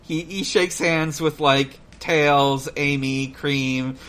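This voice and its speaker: Slow, bright-toned male podcast co-host. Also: a little high, fairly even intonation. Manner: halting, many "uh" fillers and restarts, swears, laughs easily. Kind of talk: casual chat recapping a cartoon.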